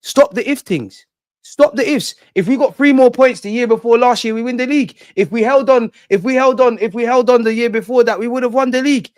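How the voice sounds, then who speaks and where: A man's voice: extremely high pitch, a little fast, no room sound, clean studio sound. A young man, ranting and swearing in exasperation as a football fan channel host. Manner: animated, profane, exasperated ranting.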